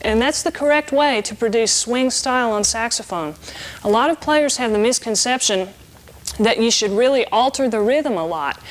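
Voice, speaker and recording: A middle-aged woman giving a saxophone lesson, explaining clearly and patiently in an instructional tone. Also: a little high, normal speed. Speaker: saxophone teacher.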